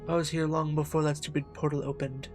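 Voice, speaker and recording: A man's voice: fairly high pitch, flat delivery, fast talker, music in the background, lightly acted. A man voicing a cruel, mocking female demon who was once the hero's lover, in a game. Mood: taunting. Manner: taunting, mocking.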